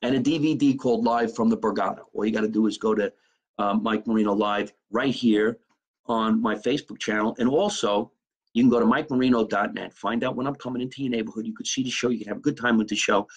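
Husky brash man chatting live. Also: lowish voice, fairly even intonation, fast, low-quality recording. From New Jersey. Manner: brash, profane, joking. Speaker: comedian hosting a live stream. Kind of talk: casual live-stream chat. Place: home kitchen.

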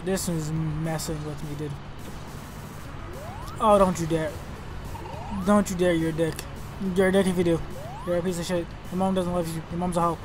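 Young man, excitable let's play commentary, exclaims and swears a lot, game music behind. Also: high voice.

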